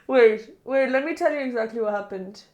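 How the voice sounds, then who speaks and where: A woman's voice: on the high side, brisk, darkish tone, highs cut off. A young woman streamer chatting casually with her live chat, rambling, correcting herself and laughing often.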